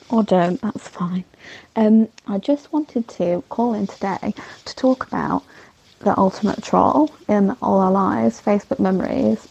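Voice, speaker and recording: A woman's voice: medium pitch, vocal fry, warm tone, breathy edge, dull audio. A woman calling in to a podcast, wry and offhand in a casual voice message. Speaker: caller.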